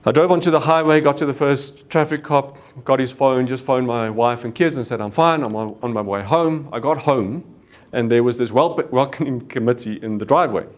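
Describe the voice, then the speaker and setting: A man's voice: mid-range voice, fairly quick. South African man telling a story. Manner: earnest storytelling with Afrikaans exclamations. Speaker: business leader. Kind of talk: leadership talk.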